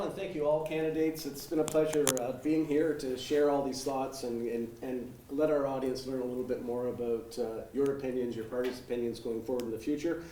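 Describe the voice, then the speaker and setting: A man moderating a televised debate in a studio, relaxed and dotted with filler uh's. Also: medium pitch. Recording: echoey, distant mic, faint noise.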